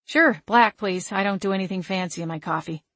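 A woman voicing a brisk, no-nonsense female agent who talks in a clipped, matter-of-fact way in a storybook reading. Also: mid-range voice, a bit bright, no echo, close to an everyday voice.

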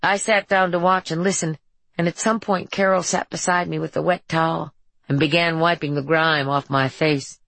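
A woman reading an audiobook and voicing a troubled, earnest teenage boy who speaks in a halting, confessional way. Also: low voice, fairly even intonation, creaky, fairly bright tone, no room sound. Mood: wistful.

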